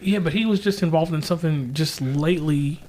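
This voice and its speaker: Chatty man with a higher voice. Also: brisk, darkish tone. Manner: rambling, goes off topic. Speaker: podcast co-host. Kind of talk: casual chat. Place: home kitchen.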